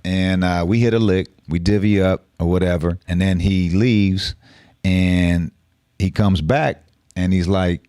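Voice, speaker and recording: A middle-aged man from the Bay Area speaks in a very deep voice. He tells his story in a blunt, profane, streetwise way. The sound is close and dry. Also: darkish tone, no echo. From San Francisco Bay Area. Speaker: guest. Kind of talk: casual storytelling interview.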